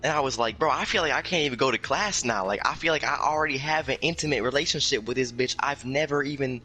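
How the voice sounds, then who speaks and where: A young man telling a casual story time, animated and full of profane slang, jumping up high when he quotes himself. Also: fast talker, soft background music. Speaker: storyteller guest.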